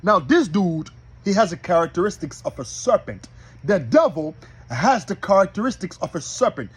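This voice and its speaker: A man teaching from the Bible like a preacher, reading verses slowly and asking the listeners if they are following him. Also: high-pitched, very animated, husky. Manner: reads verses slowly and repeats them. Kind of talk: street-style bible teaching.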